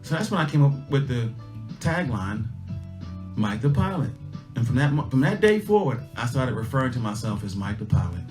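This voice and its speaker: A middle-aged man talking casually on a livestream, folksy and emphatic as he repeats his lessons over and over. His voice sits at an ordinary middle pitch. Faint guitar music plays in the background. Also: very animated, moderate pace, darkish tone. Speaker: livestream host.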